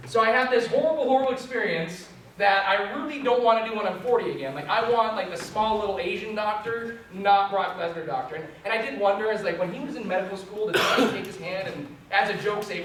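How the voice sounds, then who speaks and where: High-voiced young man in an echoey room. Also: brisk, hardly any pauses, distant mic. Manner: animated, self-mocking, stammering for effect. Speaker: resilience trainer. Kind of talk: storytelling talk to a group.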